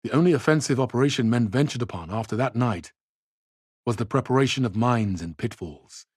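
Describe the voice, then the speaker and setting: A man reading a novel aloud in a measured, grave way, dropping low and quiet at the ends of phrases. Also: animated, slightly rough, dry recording, clean studio sound. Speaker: reader.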